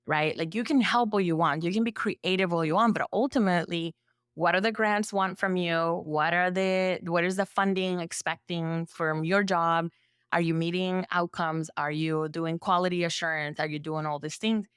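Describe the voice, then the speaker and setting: A woman therapist from El Salvador, speaking as a podcast guest in a relaxed storytelling way, full of "like" fillers and lively acted-out quotes. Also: lowish voice, moderate pace, smooth, dry recording, clean studio sound. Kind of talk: conversational storytelling.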